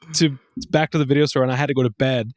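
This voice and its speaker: A man in his thirties co-hosting a casual podcast, telling stories with lots of swearing and acting out quotes in a high voice. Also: fairly even intonation, rapid-fire, a little mellow, dry recording, studio quality. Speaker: podcast co-host. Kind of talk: casual chat.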